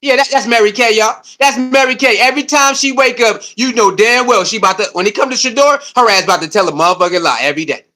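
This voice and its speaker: A young man hosting a live stream, ranting loudly and excitably, repeating himself and reading and answering chat comments. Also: extremely high pitch, quick pace, hardly any pauses. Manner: loud, excitable, repetitive, swings between shouting and muttering. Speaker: livestream host. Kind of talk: fired-up live stream rant.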